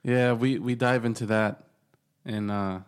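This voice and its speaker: A man's voice: mid-range voice, fairly even intonation, unhurried, smooth. A man co-hosting a podcast, chatting casually and hesitantly with many fillers. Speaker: podcast co-host. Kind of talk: casual chat.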